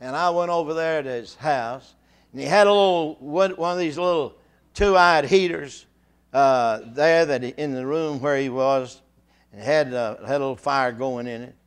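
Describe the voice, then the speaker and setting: Older preacher with halting restarts. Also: male voice, a little high, smooth. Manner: halting restarts, rising to fervent exhortation. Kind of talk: sermon.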